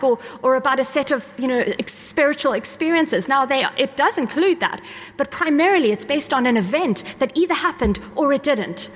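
Woman, higher voice, live talk, enthusiastic, long reverb. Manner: enthusiastic, earnest, self-correcting. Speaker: speaker giving a talk on faith. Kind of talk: apologetics talk to a live audience.

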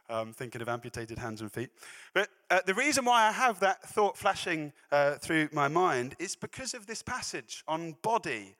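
A man's voice: fairly high pitch, very animated, moderate pace, pushed and bright. A man preaching a sermon, chatty and self-deprecating, breaking off into laughing asides. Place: church hall. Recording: echoey hall reverb.

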